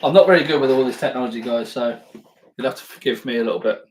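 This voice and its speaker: A man's voice: mid-range voice, quick pace, a little mellow, a little hiss or hum, rough recording. A man hosting a live stream, chatting to his viewers in a rambling, sweary way with stammered restarts. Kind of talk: casual live-stream chat.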